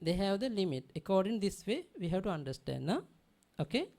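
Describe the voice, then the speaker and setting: A woman's voice: mid-range voice, sing-song, fairly quick, warm tone. A woman teaching a language class, drilling pronunciation by repeating words and often checking that her students understand. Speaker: Pali teacher.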